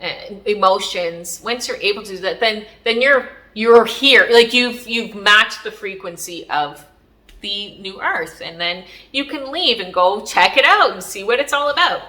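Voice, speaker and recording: A woman recounts a personal experience in a casual vlog, her voice bright and clear. She rambles a bit and leans on little fillers as she goes. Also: mid-range voice, expressive, a little slow. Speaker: spiritual vlogger. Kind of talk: casual storytelling.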